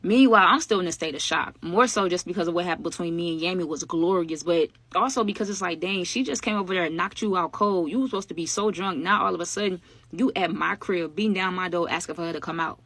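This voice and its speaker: A woman telling a storytime vlog in a casual, animated, slangy way, speaking straight to her viewers. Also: on the low side, quick pace, no echo. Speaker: storytime vlogger.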